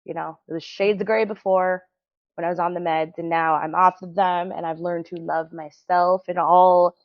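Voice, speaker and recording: A woman's voice: fairly low pitch, level tone, normal speed. A woman guest on a podcast, sharing a personal story in an earnest, heartfelt, reflective way. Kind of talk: personal story in casual interview. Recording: dull lo-fi sound.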